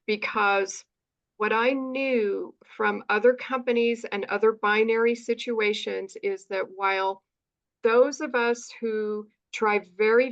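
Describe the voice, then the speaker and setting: A mid-range female voice with the highs cut off belongs to an American interview guest. She narrates animatedly, voicing the people in her story and frequently adding "right?"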